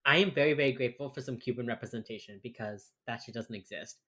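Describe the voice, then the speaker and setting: A man's voice: medium pitch, fast, bright, forceful tone. A man co-hosting a podcast, tipsy and ranting with heavy sarcasm and casual swearing while recapping a TV episode. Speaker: podcast co-host.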